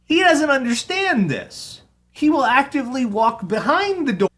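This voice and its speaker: A man's voice: extremely high pitch, very animated, normal speed. A man hosting a live radio show, chatting casually and now and then cooing to his cat. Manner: chatty, talks to his cat in a soft baby voice.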